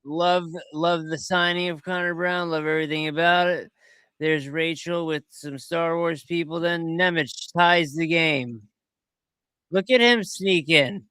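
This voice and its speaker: A man hosting a podcast, talking casually and in a rambling way as he comments over video clips, quick to get excited. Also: on the high side, clear, resonant tone, dry recording. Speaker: podcast host.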